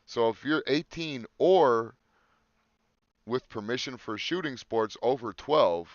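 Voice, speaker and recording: A man's voice: mid-range voice, takes it slowly, no room sound, lo-fi sound. A man co-hosting a casual podcast, joking crudely and reading facts aloud off a screen. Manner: crude, joking, swears freely. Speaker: podcast co-host.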